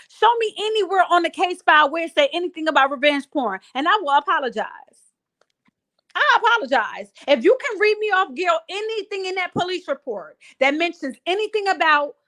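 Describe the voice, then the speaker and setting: A woman's voice: very high-pitched, sharp tone. An exasperated woman, ranting in a heated casual chat and repeating herself.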